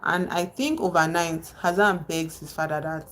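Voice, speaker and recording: This is a woman talking on a live stream with a slightly low-pitched voice. She retells a novel in a loose, conversational way and keeps stopping to greet people in the chat. Faint background noise sits under her voice. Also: sing-song, moderate pace, a bit bright. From Nigeria. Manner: chatty, digressive, breaks off to greet viewers.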